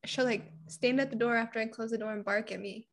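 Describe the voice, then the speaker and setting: A young woman from Puerto Rico, talking candidly in a casual conversation. Her voice sits a bit high, and she tells personal stories in a chatty way, acting out what people said. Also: steady tone, quick pace. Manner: candid, chatty storytelling with acted-out quotes.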